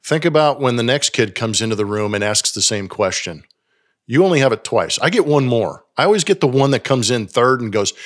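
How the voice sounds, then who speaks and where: Guy in his 40s on a podcast, chatty and animated, acts out his kids' voices. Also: medium pitch, a little fast. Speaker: podcast co-host. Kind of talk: casual chat.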